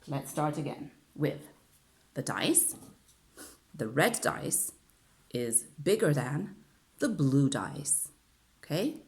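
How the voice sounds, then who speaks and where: A woman with an Italian accent, a native Italian speaker teaching an online English grammar lesson and drilling phrases with frequent "okay?" checks. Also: sits low. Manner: drills aloud with lots of repetition and "okay?".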